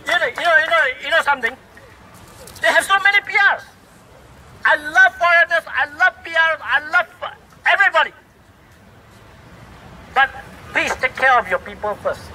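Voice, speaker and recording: A man's voice: very high voice, lively intonation, normal speed, pauses often, bright, forceful tone, a little hiss or hum, rough recording. A middle-aged man with a Singaporean English accent giving a fiery, rhetorical speech that scolds the government, recorded outdoors in a city. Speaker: speaker at a public rally. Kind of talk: impassioned public speech.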